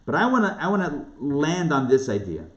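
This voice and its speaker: Brisk and sing-song, with a fairly high pitch, a rabbi teaches a live online class. He gives a casual Torah lesson in a conversational tone and asks his listeners questions. The recording sounds dull and lo-fi, with room echo.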